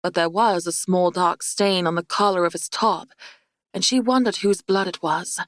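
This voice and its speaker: A woman narrates a fantasy audiobook in a measured, even storytelling style. Her pitch is fairly low, and the studio sound is clean with no echo.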